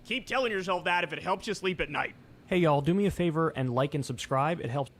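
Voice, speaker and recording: A man from New York ranting in a reaction stream, swearing and mocking, his voice pitched fairly high. He talks heatedly and sarcastically. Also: a little fast, a bit bright, slight background noise. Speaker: political commentary streamer. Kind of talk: reaction commentary.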